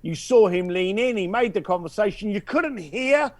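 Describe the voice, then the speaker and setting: A man tells a story as a podcast guest and acts out each voice along the way. His voice runs high and swoops around a lot, and it is recorded close and dry. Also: normal speed, no room sound. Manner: animated storyteller, acts out voices, drops to a hush for effect. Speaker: podcast guest, concierge founder. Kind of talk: storytelling anecdote.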